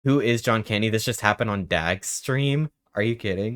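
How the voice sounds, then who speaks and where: A young man in his twenties streaming a trivia game, thinking aloud and reacting in excited bursts. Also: lowish voice, normal speed, few pauses, smooth. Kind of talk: live-stream gameplay commentary.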